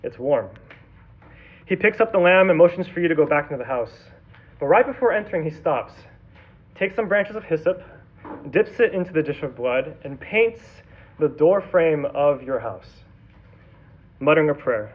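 A man's voice: fairly high pitch, animated, normal speed, long pauses, breathy edge. A man preaching to sixth graders with dramatic storytelling and emphatic repetition. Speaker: youth pastor. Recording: tinny phone-like sound.

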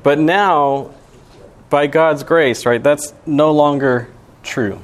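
A young pastor from Alabama delivers a sermon in a fairly high-pitched voice, taking it slowly. His delivery is casual and conversational, sprinkled with plenty of "you know" and "right".

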